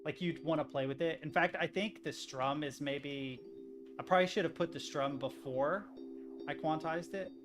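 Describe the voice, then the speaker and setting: A man's voice: a little high, normal speed. A man streaming, chatting casually in a rambling, self-interrupting way while he makes music on a computer, swearing now and then.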